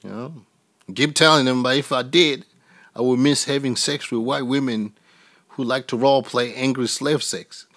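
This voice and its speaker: A man's voice: medium pitch, fairly even intonation, moderate pace, fairly bright tone, no room sound, clean studio sound. A man from Africa, doing a crude, rambling stand-up comedy set and laughing at his own jokes.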